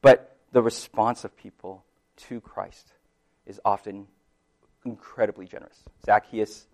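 Conversational pastor, loudness swinging widely. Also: male voice, on the low side, fairly even intonation, unhurried. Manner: conversational, lots of "right?" asides and laughs; loudness swings widely between soft and emphatic. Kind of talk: sermon.

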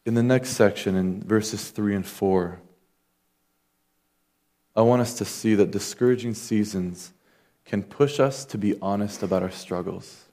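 Earnest man preaching, low voice. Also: a little slow, mellow. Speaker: pastor. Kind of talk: sermon.

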